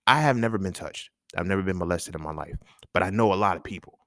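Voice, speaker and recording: A man with a lowish voice delivers a heated solo rant, casual and full of slang and swearing. The sound is dry and close, with no room around it. He talks like he is venting to a friend. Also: quick pace, no echo. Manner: animated, profane, conversational street slang. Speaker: podcast host.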